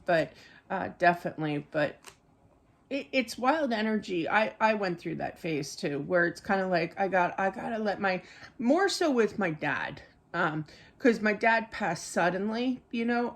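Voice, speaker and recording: A middle-aged woman giving a live psychic reading to viewers. She rambles in a chatty way, with many fillers and side stories. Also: on the low side. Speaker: psychic medium.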